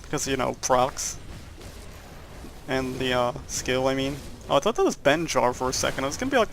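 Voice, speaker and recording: A man's voice: on the high side, moderate pace, vocal fry, a bit bright, slight background noise. A young man giving casual, rambling gameplay commentary, joking and laughing at his own jokes. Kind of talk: casual let's-play commentary.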